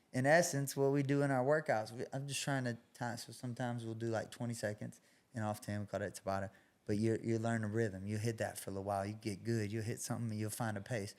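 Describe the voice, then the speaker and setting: A man who fights and coaches at a gym, calmly explaining his training ideas as a guest on a podcast. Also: medium pitch. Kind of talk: podcast interview.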